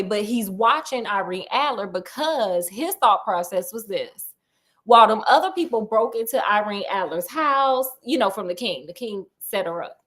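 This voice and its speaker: A young woman casually retelling a classic detective story, animated and slangy, laughing often. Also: medium pitch. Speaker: podcast storyteller.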